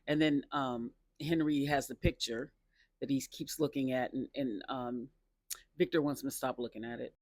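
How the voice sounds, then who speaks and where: A man casually recapping a TV episode, chatty and laughing often, with excited personal asides. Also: mid-range voice, normal speed, no echo, studio quality.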